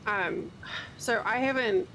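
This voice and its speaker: A woman's voice: a little high, takes it slowly, fairly bright tone, a little hiss or hum. A tired woman streaming a game, rambling casually to chat as she yawns. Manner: rambling, chatty, yawning.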